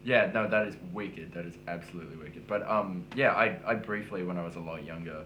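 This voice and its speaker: A man's voice: sits low, brisk, lo-fi sound, a little hiss or hum. A young man chatting casually, easygoing and swearing freely. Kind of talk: casual chat.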